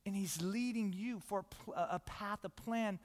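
A man preaching a sermon in a church hall, conversational and animated, dropping to a soft hush and rising loud again. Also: high voice, unhurried. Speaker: pastor. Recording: long reverb of a large hall.

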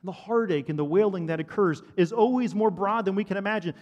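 A man preaching a sermon to a congregation, animated and asking the listeners questions. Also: sits high, fast talker, few pauses. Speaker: pastor. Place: church hall. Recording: long hall reverb.

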